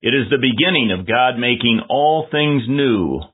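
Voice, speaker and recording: A man preaching a measured, earnest sermon with scripture reading. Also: mid-range voice, expressive, breathy edge. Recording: tinny phone-like lo-fi audio.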